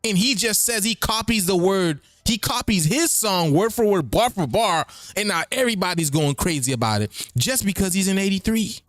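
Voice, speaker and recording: Animated high-voiced man, lively ramble. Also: moderate pace, hardly any pauses, no room sound, studio quality, faint music behind. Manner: animated, rambling, repeats phrases. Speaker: host. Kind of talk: freewheeling spoken commentary.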